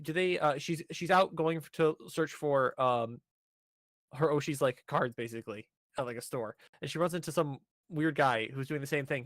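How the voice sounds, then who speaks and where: A man's voice: on the high side, fairly bright tone, no echo. Dry-sounding man recapping anime. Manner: rambling, filler-heavy storytelling. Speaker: podcast co-host.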